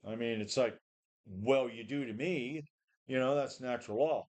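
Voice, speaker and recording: Medium-pitched and darkish in tone, this man speaks at a moderate pace while delivering a casual, profane rant to camera for his home gym vlog. He sounds worn out and run-down, rambling with frequent repeats and restarts.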